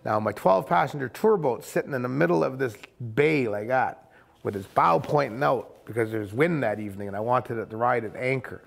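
With a medium-pitched voice marked by vocal fry, the owner of a kayak camp and tour boat tells his own story. He's vivid and colloquial and tosses in quick asides.

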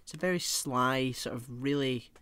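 A man's voice: medium pitch, moderate pace, pushed and bright, clean tone, no room sound. A man co-hosting a podcast, chatting casually about a film with blunt, sweary remarks and lots of restarts. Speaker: podcast co-host.

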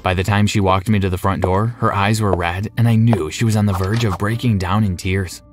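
Low-voiced male story narrator. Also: a little fast, soft background music. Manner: steady, conversational.

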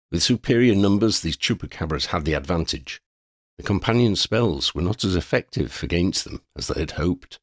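A man narrating an audiobook, reading steadily with expressive storytelling. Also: sits low, breathy edge, no room sound, clean studio sound. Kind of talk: scripted narration.

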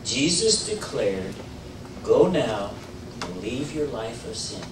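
A man giving an informal sermon in a church, talking in a conversational way with many fillers and restarts, rising into animated emphasis. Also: mid-range voice, slow pace, noisy background. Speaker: preacher. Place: church sanctuary. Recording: roomy church audio, mic at a distance.

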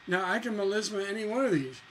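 A man's voice: high-pitched, animated, fast talker, a bit bright, a little hiss or hum, poor audio. A man teaching songwriting in a casual lesson, joking as he goes and breaking into sung lines. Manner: breaks into singing lines over guitar, joking asides. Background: his own guitar playing.

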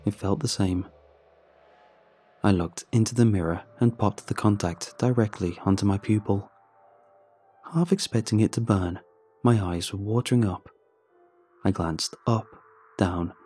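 Low husky guy reading a creepy first-person story, calm and conversational. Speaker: horror story narrator. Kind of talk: scripted first-person horror narration.

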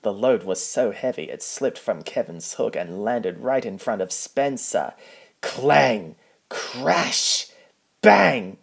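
A man's voice: on the low side, lively intonation, measured pace, few pauses, dark tone. A man reading a children's picture book aloud, plainly, with small slips. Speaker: storybook reader.

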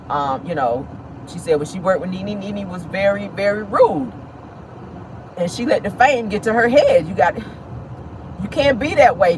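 Sassy high-voiced man gossiping in a car. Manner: sassy and dramatic, calls listeners honey and baby. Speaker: host. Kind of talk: casual celebrity gossip commentary. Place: inside a car. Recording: car noise behind the voice.

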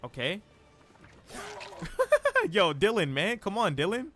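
A young man streaming live gameplay, chatting in an excitable, slangy, self-mocking way. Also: high-pitched, slow pace, faint music behind.

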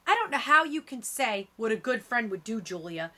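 A woman voicing a hurt, heated junior-high girl. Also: very animated, normal speed, heavily acted. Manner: shouting, heated.

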